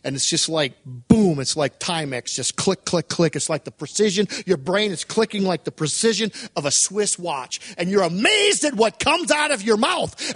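A man's voice: high-pitched, expressive, moderate pace, few pauses, fairly bright tone, husky, dry recording. A man preaching a sermon with emphatic delivery, strings of rhetorical questions and dramatized retellings.

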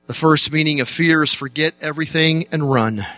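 This man's fairly high voice carries a pastor's sermon with no echo around it. He narrates dramatically, slowing down into quiet speech before bursting out in loud shouts.

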